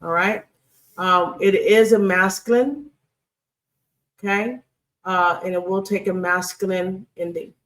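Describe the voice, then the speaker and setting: A woman's voice: medium pitch, fairly even intonation, measured pace, long pauses, fairly bright tone, distant mic. A woman teaching a recorded Hebrew grammar lesson over slides, patient and repetitive, checking in with "okay?" as she goes. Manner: patient, repeats key points, many fillers and checks like "okay?". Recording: voice set back from the mic.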